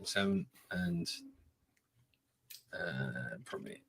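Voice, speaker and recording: A man from the UK hosting a live coding show, easygoing and halting as he types. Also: very deep voice, huge pitch swings, creaky, fairly bright tone, slight background noise. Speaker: host doing live coding. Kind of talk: casual live coding chat.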